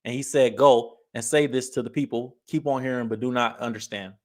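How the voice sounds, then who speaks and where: A man's voice: medium pitch, steady tone, brisk. Laid-back man hosting a livestream. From California. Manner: laid-back, laughs often, reads chat aloud. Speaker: livestream host. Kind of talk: casual livestream chat.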